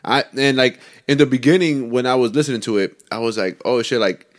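A man's voice: mid-range voice, brisk. A young man co-hosting a podcast, chatting in a loose, laid-back way and swearing freely. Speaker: podcast co-host. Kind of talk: casual chat.

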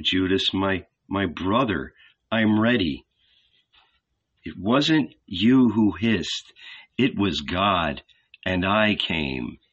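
A man voicing a gentle, resigned young man who speaks quietly and calmly. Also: fairly low pitch, breathy edge, highs cut off, heavily acted. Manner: quiet, soft-spoken.

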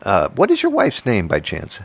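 An easygoing man jokes his way through a casual podcast chat as co-host. His voice sits a little low but rises and falls in a lively way. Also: normal speed, vocal fry, husky. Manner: easygoing, chuckling, joking.

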